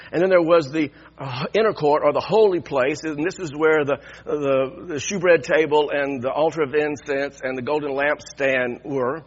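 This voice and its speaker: A man preaching a sermon in an animated way, swinging from hushed asides to loud, stretched-out emphasis. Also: a little high, husky, highs cut off. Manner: animated, swings from hushed to loud, acts out the crowd's mocking laughter.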